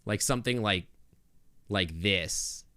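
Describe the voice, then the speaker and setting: A man's voice: on the low side, takes it slowly, sharp tone, clean tone, no room sound. A male game streamer chatting casually with his viewers on a close desk microphone, thinking aloud with lots of restarts and asides.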